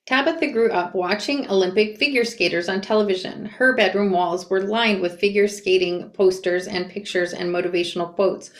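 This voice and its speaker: Woman, reads a book aloud, casual chatty asides, middle pitch, echoey room. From Portland, Oregon, USA. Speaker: book reader and commentator. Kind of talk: reading a memoir aloud with reactions.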